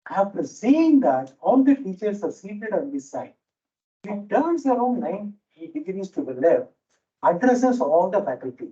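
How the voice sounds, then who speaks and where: A management teacher with an Indian English accent gives a faculty talk in a lecture hall with a noisy fan, telling stories and repeating key phrases for emphasis. His high, sing-song voice is mellow and unhurried, and the recording sounds dull and distant.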